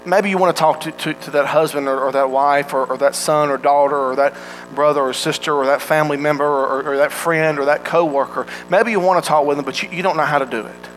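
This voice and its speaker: Male preacher, sermon, earnest, fairly high voice, faint mains hum behind. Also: steady tone, fast talker, a bit bright, poor audio. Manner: earnest, questions the listeners directly.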